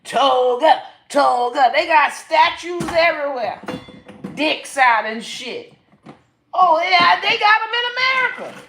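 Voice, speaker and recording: A woman comedian hosting a live stream, ranting with constant profanity in a loud, rambling way. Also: very high-pitched, sing-song, a little slow, a little hiss or hum. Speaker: comedian host. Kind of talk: live-stream comic rant. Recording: echoey room.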